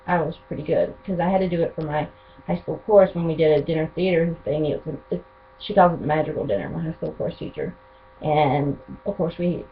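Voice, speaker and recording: A young woman, talking casually and eagerly to her vlog audience. Her voice sits fairly low, and her talk rambles. The audio is thin and tinny, like a phone line. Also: slight background noise. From North Carolina, USA. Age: 20s. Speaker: vlogger. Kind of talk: casual chat to camera.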